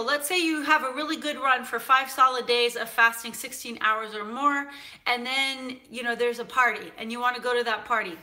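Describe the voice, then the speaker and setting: A woman from San Francisco hosts a cooking show, chatting casually in a live stream as she reads viewer comments, animated and full of fillers. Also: sits high. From United States (San Francisco).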